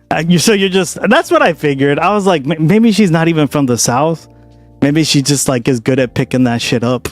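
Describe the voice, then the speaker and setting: A man from Boston hosting a casual reaction stream, talking fast and loosely, swearing and laughing often. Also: mid-range voice, faint music behind. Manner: profane, animated, laughs a lot.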